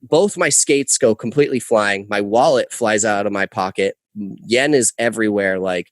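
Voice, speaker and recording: A young man, a podcast guest, telling a rambling story with animated, casual swearing. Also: on the low side, moderate pace, dry recording. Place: podcast studio. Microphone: close podcast mic.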